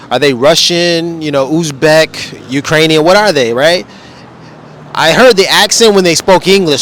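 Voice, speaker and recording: A man's voice: fairly high pitch, fairly bright tone, a little hiss or hum. A man talking casually in a rambling, laid-back way with slang, vlogging outdoors. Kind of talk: casual vlog. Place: outdoors beside a wall display.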